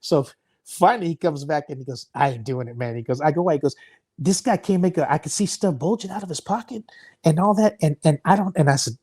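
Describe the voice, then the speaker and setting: A man's voice: fairly high pitch, quick pace, darkish tone, slightly rough. A man, a wrestling guest, telling a long story in an interview, laughing often and restarting words.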